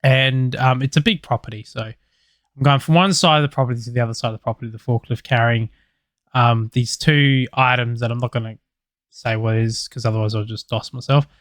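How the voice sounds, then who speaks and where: A man's voice: medium pitch, fairly even intonation, a little fast, a bit bright, dry recording, studio quality. A man casually telling a podcast story, loose and sweary with lots of fillers. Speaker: podcast co-host.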